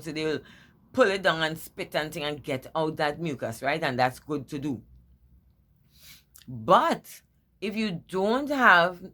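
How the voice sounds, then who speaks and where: Woman, husky, low-pitched, casual vlog, playful, drawn-out emphasis. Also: a bit bright. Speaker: vlogger.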